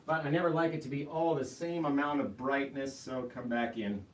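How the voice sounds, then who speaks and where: A man's voice: medium pitch, fairly even intonation, a little fast. Chatty man teaching painting, roomy and distant. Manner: chatty, easygoing, explains steps as he works. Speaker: painting instructor and show host. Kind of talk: live painting tutorial.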